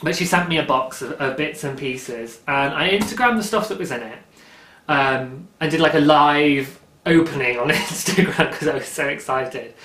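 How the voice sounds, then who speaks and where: Excitable podcast host, thirties, a touch high, babbling fast in an echoey room. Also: male voice, slight background noise. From United Kingdom. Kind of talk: casual knitting podcast chat.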